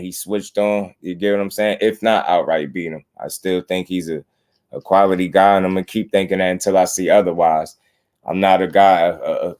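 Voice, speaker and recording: Deep-voiced man chatting loosely. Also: a little mellow. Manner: laid-back slangy talk, greets viewers. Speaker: boxing channel host. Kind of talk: casual live-stream chat.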